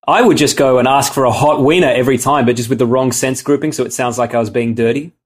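A man's voice: medium pitch, fairly quick, husky. A man co-hosting a casual podcast, playful and laughing a lot as he guesses and tells stories. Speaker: podcast co-host and quiz contestant.

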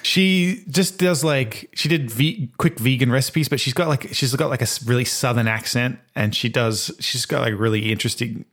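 A man's voice: medium pitch, normal speed, few pauses, a bit bright. A man co-hosting a podcast, rambling and cutting himself off as he chats. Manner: rambling, self-interrupting, laughs often. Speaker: podcast co-host. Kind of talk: casual chat.

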